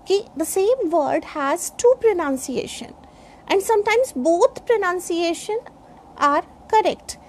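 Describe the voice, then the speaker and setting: A woman teaching pronunciation in a lecture, spelling words out letter by letter and often pausing with fillers. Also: very high voice, expressive, darkish tone. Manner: slow, explains step by step, spells words letter by letter; frequent fillers like uh and you know. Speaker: English speaking teacher.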